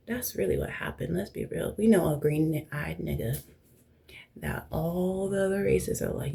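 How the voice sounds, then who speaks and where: A woman's voice: mid-range voice, expressive, moderate pace, creaky, mellow, husky. A young woman host telling personal stories in a casual, blunt, profane way, often dropping to a near whisper. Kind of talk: casual storytelling chat.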